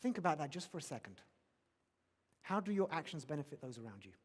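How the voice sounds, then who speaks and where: A man's voice: a little high, big pitch swings, quick pace. A man giving a motivational conference keynote, emphatic and repeating his key questions. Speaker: keynote speaker. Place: large conference hall. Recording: long reverb of a large hall.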